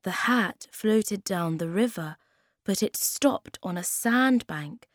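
A woman voicing a calm young wanderer in a storybook, speaking softly and steadily. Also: medium pitch, takes it slowly, no echo, clean studio sound, voice pushed up. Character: calm, wandering young man, quietly wise.

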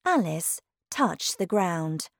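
Slow, expressive woman reading a storybook. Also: fairly low pitch, gravelly, no room sound, clean studio sound. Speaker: narrator. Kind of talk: storybook narration.

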